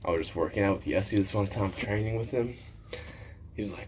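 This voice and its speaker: Low, gravelly man, rambling casual storyteller, lots of swearing. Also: animated, a little fast, slight background noise. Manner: rambling, swears, many fillers. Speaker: vlogger.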